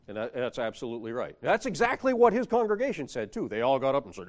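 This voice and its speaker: A man's voice: mid-range voice, wildly swooping pitch, fast, few pauses. A man preaching a sermon, reading scripture aloud and building emphasis as he explains a Bible passage.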